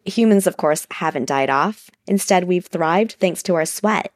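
A woman science reporter narrating a scripted radio news feature in a measured, explanatory way. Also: fairly low pitch.

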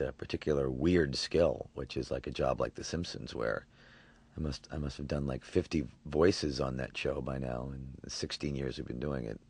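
A man around forty, a voice actor talking in an interview, halting and restarting his words often. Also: very deep voice, slightly rough, dry recording. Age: 40s. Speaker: voice actor guest. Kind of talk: relaxed interview talk.

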